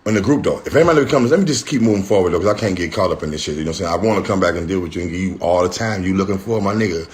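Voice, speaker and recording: A middle-aged man with a lowish voice talks into his phone on a livestream. He rambles in a heated way, full of slang and swearing. When he quotes people to mock them, his voice jumps higher. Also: racing. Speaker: rapper responding on a livestream. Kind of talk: casual livestream rant.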